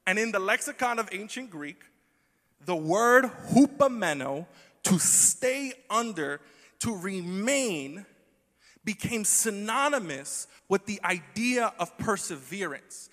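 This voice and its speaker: A man preaching a sermon in a conversational, humorous way, moving between quiet asides and emphatic lines. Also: high voice, animated, slow pace. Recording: long hall reverb.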